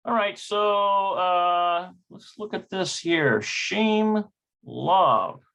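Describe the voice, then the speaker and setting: A man's voice: sits high, very slow, vocal fry, bright, forceful tone. A man working through a textbook lesson aloud, hesitant and self-correcting as he sounds out words. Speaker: language learner teaching from a textbook. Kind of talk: thinking-aloud study session.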